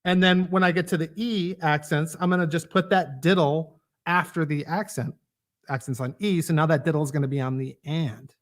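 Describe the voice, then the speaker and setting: Over loud drumming and clicks, a man speaks with a fairly high pitch, fairly even intonation and normal speed. He's a drum instructor running a casual live online lesson, walking through rudiments and counting off exercises while playing.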